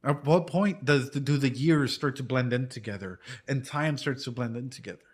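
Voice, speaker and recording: A man in his thirties chats casually while reacting to an anime, drifting into a long, rambling story from his life as a martial arts coach. His voice sits at an ordinary middle pitch. He swears now and then and keeps checking in with "dude" and "right?". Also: normal speed.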